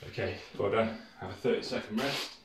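Here a British fitness instructor with a lowish voice speaks briskly while running a workout at home. He stays casual and encouraging, phrasing things loosely and sounding slightly out of breath. The camera mic sits far away, giving a noisy, roomy, distant recording.

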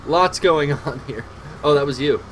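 A man's voice: fairly high pitch, moderate pace, fairly bright tone, a little hiss or hum, rough recording. A man streaming a video game, chatting casually and profanely with a caller and his chat. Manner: loose, profane, talks to chat while playing.

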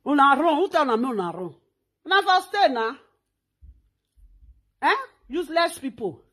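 A woman's voice: high-pitched, very animated, moderate pace, a bit bright. A Nigerian woman hosting her own talk show, delivering a scolding, insulting rant. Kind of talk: social media rant.

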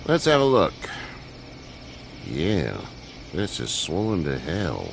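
A weathered older farmer in a video game, with a very deep, gravelly voice that swings widely in pitch. He speaks in a slow, folksy, measured way, wary but kind. Loud cricket noise sits behind the game audio. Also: wildly swooping pitch, full character voice. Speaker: farmer offering shelter. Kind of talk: game voice acting. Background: crickets and night ambience.

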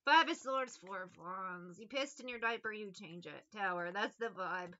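A woman's voice: mid-range voice, moderate pace, hardly any pauses, sharp tone, highs cut off, slight background noise. A woman giving a casual tarot reading in a blunt, profane, mocking way. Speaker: tarot reader.

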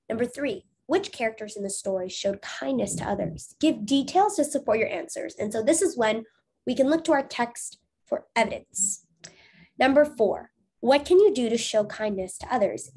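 A woman's voice: high-pitched, darkish tone, slightly rough. A woman teacher reading a storybook aloud to young students, then asking encouraging discussion questions. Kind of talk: reading aloud to children, lesson.

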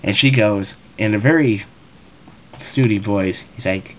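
Lowish guy rambling thru a work story, swears a lot, tinny lo-fi sound w/ faint hiss. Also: normal speed. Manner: rambling, profane, laughing asides. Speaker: cashier. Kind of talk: casual storytelling.

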